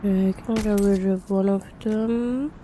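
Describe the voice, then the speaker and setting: A woman recovering from a bad cold, giving slow let's-play commentary and mumbling to herself as she plays. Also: mid-range voice, fairly even intonation, warm tone, slight background noise. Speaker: gamer.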